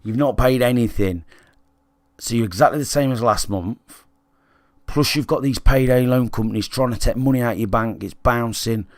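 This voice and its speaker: A man's voice: medium pitch, moderate pace, no room sound. A British man speaking in a medium voice with a dry, close sound. He tells his story frankly and swears freely, talking casually to his live chat. He checks in often with listeners. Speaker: gaming livestreamer.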